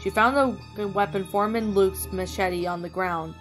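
A woman's voice: medium pitch, fairly even intonation, moderate pace. A woman reading fan fiction aloud in a plain narrating voice, with small slips. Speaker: story reader. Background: faint music.

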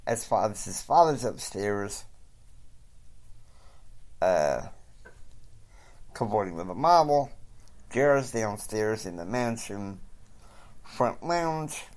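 A man narrates an improvised story at a slow, unhurried pace. He rambles and halts with frequent fillers as he sets up each scene. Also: lowish voice, animated, a little mellow. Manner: halting, rambling, with many fillers.

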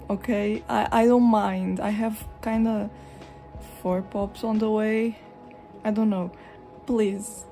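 A young woman from Europe talks slowly and casually, her voice mellow and warm. She rambles as she shows her things, now and then jumping into lively retellings. Soft music plays faintly behind her. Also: creaky. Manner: rambling, expressive, jumps into animated high-pitched retellings. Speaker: vlogger. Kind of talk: casual chat while showing a collection. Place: hot room at home with a fan running.

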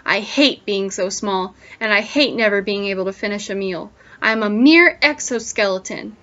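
A woman's voice: mid-range voice, moderate pace, sharp tone, muffled recording, natural voice. A woman doing a grumpy little male cockroach. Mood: bitter. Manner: grumbling, self-pitying complaints.

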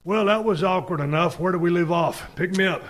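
Brief: fairly high-pitched male host, blunt and foul-mouthed, joking around. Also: a little fast, a bit bright, a little hiss or hum. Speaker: podcast host. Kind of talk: casual chat.

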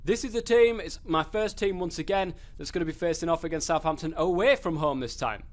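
A young English man giving live commentary over a football video game. He gets excitable and swears a lot, shouting at the game. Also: fairly high pitch, fairly quick. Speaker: gaming YouTuber. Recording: faint background noise.

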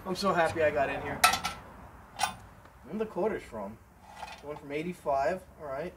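A man giving a casual running commentary as he works, excitable, exclaiming and thinking aloud into a camera mic held close. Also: a little high, moderate pace, long pauses. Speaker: vlogger restoring a vending machine. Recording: noisy background hiss.

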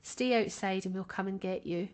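A woman's voice: mid-range voice, normal speed, a little mellow. A woman co-hosting a podcast, talking casually and chattily and laughing often. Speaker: podcast co-host.

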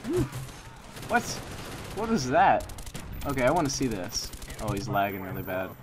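This young man's gameplay commentary swings hugely in pitch from a lowish base, coming fairly quickly as he reacts, mutters and repeats phrases while playing. Loud game gunfire and explosions fill the background, along with other noise.

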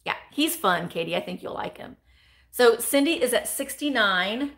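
A woman's voice: fairly high pitch, lively intonation, normal speed, fairly bright tone. A middle-aged woman, hosting a casual live-stream sale, rambling as she reads out viewer comments and calls bids.

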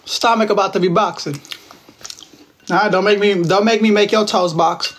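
A man's voice: high-pitched, fairly even intonation, normal speed, fairly bright tone, slight background noise. A man in his twenties from Texas, hosting a casual livestream from home on his phone, teasing viewers and answering their comments in playful slang. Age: 20s. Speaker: livestream host.

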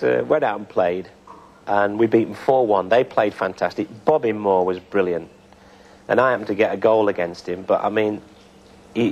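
An older man, a former footballer, telling stories in a relaxed interview style, with many fillers. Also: lowish voice, lo-fi sound. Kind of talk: reminiscing interview.

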